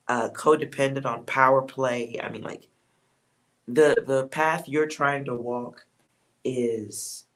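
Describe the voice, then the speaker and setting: A man's voice: mid-range voice, a bit bright. Blunt, profane man reading tarot. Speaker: tarot reader. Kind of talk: casual spoken tarot reading.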